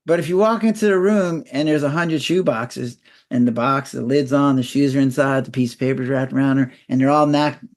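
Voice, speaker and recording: A man in his sixties, a physician guest in an interview, explaining in a lively way and acting out little scenes in a raised voice. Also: medium pitch, a little fast. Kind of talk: conversational interview.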